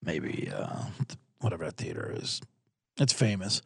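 A man's voice: deep voice, huge pitch swings, normal speed, vocal fry, slightly rough, no room sound, clean studio sound. A man hosting a sports betting show in loose, rambling, profane casual talk, reading out viewer comments as he goes.

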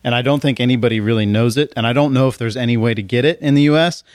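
A man's voice: mid-range voice, racing, no room sound, studio quality. Easygoing male podcast co-host. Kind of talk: casual banter.

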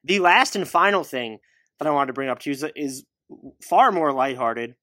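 A man's voice: on the high side, animated, moderate pace, sharp tone, no room sound, studio quality. A man in his thirties hosting a casual sports talk show, questioning his guest and reeling off stats. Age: 30s. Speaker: podcast host.

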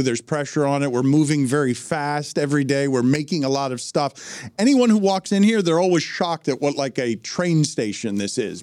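A man's voice: mid-range voice, darkish tone, no echo. A man hosting a podcast, telling rambling stories in casual studio chat with many fillers. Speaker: podcast host.

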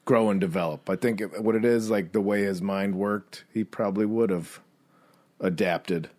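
Low-voiced man telling a rambling story. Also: normal speed, darkish tone. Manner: rambling storyteller, acts out quoted people in high voices. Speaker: podcast co-host. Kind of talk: casual chat.

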